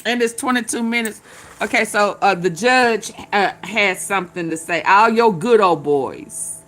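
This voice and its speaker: A woman's voice: medium pitch, a little slow, fairly bright tone. A woman hosting a livestream, chatting casually with her viewers, drawling, laughing and swearing as she reacts. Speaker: livestream host. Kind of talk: casual commentary to live chat.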